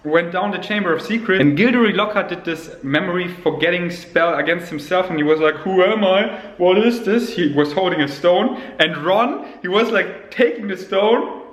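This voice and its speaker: A man's voice: high voice, moderate pace. A man chatting casually in a daily vlog, playful and jokey. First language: German. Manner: playful, jokey, animated asides. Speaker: vlogger. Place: home kitchen indoors. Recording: roomy home camera audio.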